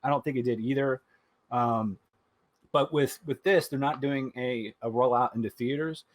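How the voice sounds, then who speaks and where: A man hosts a podcast in loose, casual chat, joking and swearing freely. His voice sits in a middle pitch for a man. The sound is dry and close, with little room around it. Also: normal speed, no echo. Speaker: podcast host. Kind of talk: casual chat about movies.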